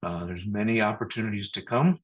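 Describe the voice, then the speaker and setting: A man preaches a sermon in a measured, thoughtful way, pausing and restarting as he goes. His voice is husky and sits a little low. The sound is muffled, as over a video call. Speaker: pastor.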